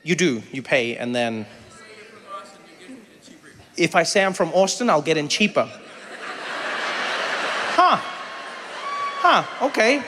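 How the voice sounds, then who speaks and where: A man's voice: on the high side, big pitch swings, slow pace, pauses often, pushed and bright. A man doing stand-up, playfully teasing an audience member. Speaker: stand-up comedian. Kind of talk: stand-up crowd work. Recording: live venue with audience noise.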